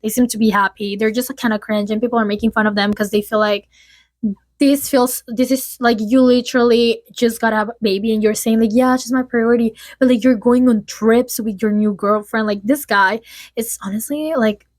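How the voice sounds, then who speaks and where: In a casual gossip vlog, a young adult woman talks in a rambling, chatty way with plenty of "like" fillers. Her fairly high voice holds a steady tone at a fairly quick pace, with no room sound.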